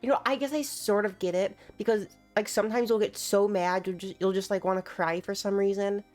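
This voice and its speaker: A young woman talking over clips in a loose, joking way, with a voice of ordinary pitch. She teases and mocks what she watches and laughs often. Faint music plays behind her. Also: fairly even intonation, a little fast, darkish tone. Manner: teasing, sarcastic, laughs often. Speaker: commentator reacting to clips. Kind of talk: casual reaction commentary.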